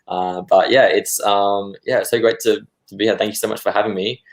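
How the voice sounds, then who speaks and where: A man's voice: on the low side, fairly even intonation, fairly quick. A young man from Australia, a filmmaker guest, answering modestly over a video call with many hesitations. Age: young adult. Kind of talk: casual interview answers.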